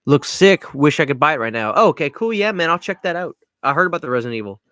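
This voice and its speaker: Cajun dude doing a livestream q&a, kinda high voice, dry close sound, just rambling through chat. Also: male voice, fast talker, no echo. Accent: Louisiana Cajun. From Louisiana. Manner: relaxed, rambling, reads chat names aloud. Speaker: livestream host answering chat. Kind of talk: casual live Q&A chat.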